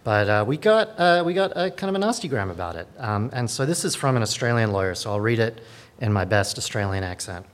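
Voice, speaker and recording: A man's voice: lowish voice, sing-song, fairly quick. A man, a lawyer, giving a conference talk in a dry, sardonic way with many fillers and restarts. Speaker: lawyer at a digital rights group.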